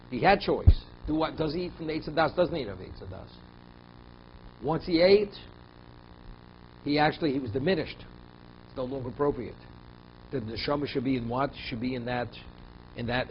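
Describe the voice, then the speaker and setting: Emphatic rabbi teaching a Torah class. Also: male voice, medium pitch, dull audio, a little hiss or hum. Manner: emphatic, rhetorical questions, repeats phrases while thinking.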